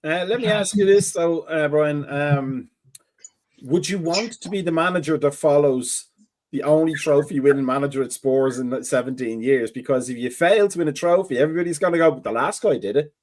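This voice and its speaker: A man on a football podcast who puts questions to the others, halting with ums and restarts. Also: fairly high pitch, darkish tone. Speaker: podcast co-host. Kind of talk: casual football chat.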